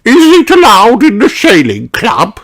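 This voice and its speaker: A reader voicing a fussy, snooty lady dog in a storybook, in a shrill and indignant manner. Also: wildly swooping pitch, a little slow, a bit bright, slightly rough, soft background music, exaggerated voice.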